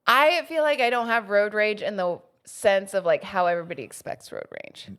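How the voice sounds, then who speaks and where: A young woman talks as a podcast co-host. Her voice sits in a middle pitch. She is relaxed and frank, and she laughs easily. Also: normal speed, clean tone. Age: young adult. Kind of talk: casual chat.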